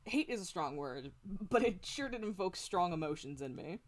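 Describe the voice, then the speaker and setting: A fairly low-pitched, expressive woman talks at normal speed during a casual drawing stream. Close to her desk mic at home, she rambles, laughs often and swears a lot.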